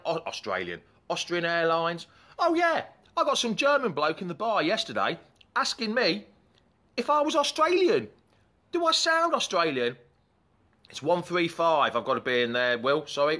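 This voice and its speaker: A man's voice: a little high, pushed and bright. A man hosting a live fan chat show in a chatty, rambling way, breaking off to greet commenters.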